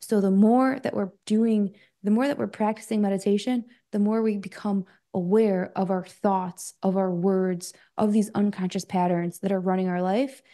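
A woman coach talks loosely as an interview guest, her voice mellow and warm in tone. She speaks at an ordinary pitch for a woman, filling her speech with likes and ums. Now and then she acts out her own thoughts as little quoted asides. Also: steady tone, moderate pace, few pauses. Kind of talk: casual interview talk.

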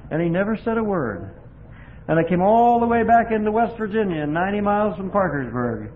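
An older man preaching an impassioned sermon with a personal testimony, swinging between hushed, quiet passages and loud, emphatic ones. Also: sits high, lively intonation, normal speed. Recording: tinny lo-fi recording with faint hiss.

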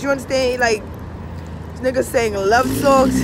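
Woman vlogger, casual unscripted rant, heavy cursing, constant check-ins with viewers; outdoor take with clear traffic noise. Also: sits high, moderate pace. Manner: animated, profane ranting with frequent "you understand?".

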